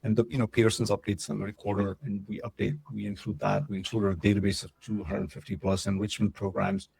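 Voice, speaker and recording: A man's voice: fairly low pitch, level tone, fast, creaky, a little mellow, slightly rough. A man presenting a webinar, talking loosely with lots of fillers and asking if things make sense. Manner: loose and conversational, many fillers and checks for understanding. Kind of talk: casual webinar talk.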